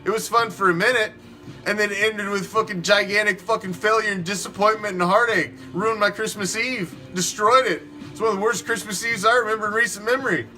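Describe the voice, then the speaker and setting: Sharp-voiced man ranting with profanity. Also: high voice, fairly even intonation, fairly quick, soft background music. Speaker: fan podcast host. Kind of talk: opinionated sports talk rant.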